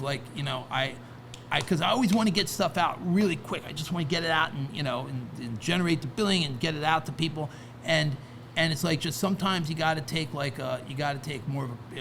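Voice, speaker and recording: A record label founder, appearing as a podcast guest, chats casually in a fairly high voice with vocal fry against a noisy background. His talk rambles, full of restarts and "right?" asides.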